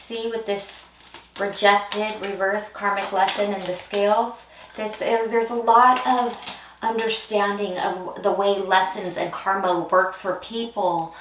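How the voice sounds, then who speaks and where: A woman talks through a pick-a-card tarot reading in a loose, intuitive flow, often breaking off and starting her thought again. Her voice sits at an ordinary middle pitch for a woman. The room rings around her, and she sounds set back from the microphone. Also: flat delivery, takes it slowly, reverberant, far from the mic, background noise. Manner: rambling, intuitive, many restarts. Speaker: tarot reader.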